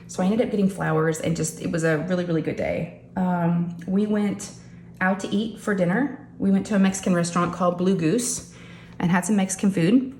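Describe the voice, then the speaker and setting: Middle-aged woman vlogger, chatty storyteller, lowish voice, echoey home room. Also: fairly quick, slight background noise. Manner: chatty, animated, addresses viewers as y'all. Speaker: crafting vlogger. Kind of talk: casual storytelling chat. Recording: echoey room with faint ambience.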